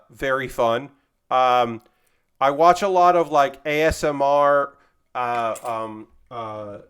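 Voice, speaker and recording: A man's voice: on the high side, a bit bright, smooth. A man hosting a casual livestream, chatting while he builds a model kit, rambling along and swearing now and then. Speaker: livestream host.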